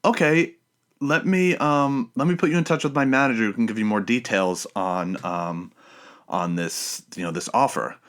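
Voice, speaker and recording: A man's voice: medium pitch, moderate pace, pitched above the performer's own voice, natural voice. A man voicing a polite, hesitant female bank phone representative in a raised voice.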